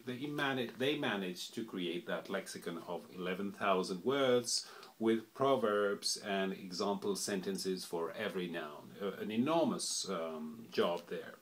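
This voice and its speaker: Man, lowish voice, slow and deliberate, unscripted explainer who stops often to think, faint noise behind him. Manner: unhurried, thinking aloud with many fillers. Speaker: language explainer.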